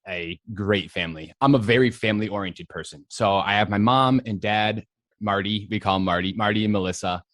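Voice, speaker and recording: Animated man in his thirties, dry sound. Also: lowish voice, no room sound. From Western Massachusetts. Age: 30s. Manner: animated, laughs easily, many fillers. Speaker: guest actor. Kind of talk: casual interview chat.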